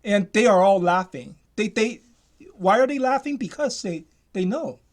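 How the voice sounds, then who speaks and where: A man with a notably high voice rants into his own video. He talks emphatically, circling back and repeating himself, often restarting his sentences. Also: lively intonation, moderate pace. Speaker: commentator. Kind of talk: ranting commentary.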